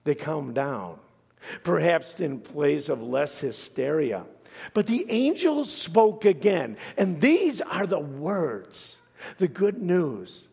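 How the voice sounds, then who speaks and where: A male pastor preaches slowly and dramatically, his voice gravelly and husky, swinging from hushed lows to bold highs. His words carry the long reverb of a large church sanctuary. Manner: dramatic, questioning, drops to near whispers then rises. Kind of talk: sermon.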